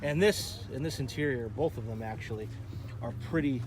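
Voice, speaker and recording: Amid background noise, a host from Texas strolls through an outdoor car show, his medium-pitched voice moving at a moderate pace. He chats enthusiastically and talks right to the people watching.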